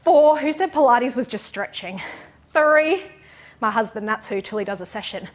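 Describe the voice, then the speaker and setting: A woman's voice: fairly high pitch, lively intonation, normal speed. A young woman teaching a pilates class, counting reps aloud and cueing form encouragingly while out of breath. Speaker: pilates instructor.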